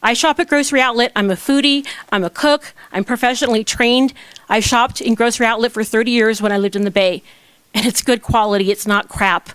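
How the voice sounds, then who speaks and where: A woman makes a passionate public comment from the podium of a town council chamber. Her voice sits fairly high and sounds dry and close, and she drives her argument with pointed rhetorical questions. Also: brisk, a bit bright, smooth, dry recording. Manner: impassioned, emphatic rhetorical questions.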